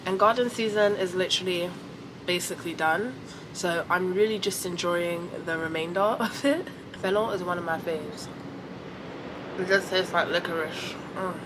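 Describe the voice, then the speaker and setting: A woman's voice: on the low side, moderate pace, background noise. A young woman chatting playfully to a handheld camera as she vlogs her day, often laughing at herself. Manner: playful, giggly, self-amused. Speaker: lifestyle vlogger. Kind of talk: casual vlog chat to camera. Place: city garden and indoors. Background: music playing.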